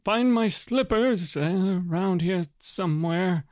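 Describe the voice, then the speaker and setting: A man's voice: high-pitched, slow pace, a little mellow, no echo, studio quality, pitched above the performer's own voice. A man voicing a weary, grieving older lord who stammers and hesitates.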